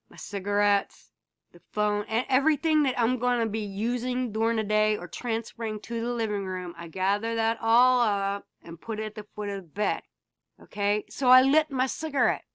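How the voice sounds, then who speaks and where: A woman's voice: mid-range voice, fairly bright tone, smooth, no room sound. A woman talking casually to camera at home, telling a story bluntly, swearing freely and repeating herself when she gets worked up. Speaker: vlogger.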